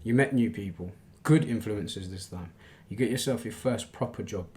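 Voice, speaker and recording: A man's voice: fairly low pitch, normal speed, mellow. A man co-hosting a podcast, prompting his friend with questions in a jokey, encouraging way. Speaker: podcast co-host. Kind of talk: casual chat, prompting questions.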